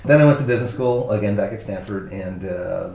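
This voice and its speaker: A man's voice: lowish voice, fairly quick, gravelly, a little mellow, roomy sound, slight background noise, poor audio. A man from Texas answering interview questions in an easygoing, thoughtful way, with a light chuckle now and then. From Arizona and Texas. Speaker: interview guest, venture capitalist.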